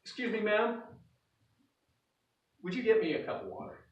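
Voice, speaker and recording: A pushy, parched prophet who keeps asking for more, voiced by a man preaching. He pitches the voice up and sounds loud and eager. It echoes through a roomy hall and is heard from a distance. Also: very animated, normal speed. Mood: pushy, pleading. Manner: archaic pleading mixed with casual asks. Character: thirsty traveling prophet, pushy, demanding.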